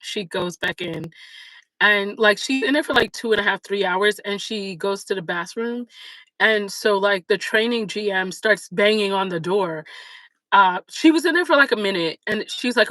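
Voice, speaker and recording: A woman hosting a livestream, telling a story in a chatty, animated way full of fillers. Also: mid-range voice, normal speed, no room sound, poor audio. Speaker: livestream host. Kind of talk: casual storytelling chat.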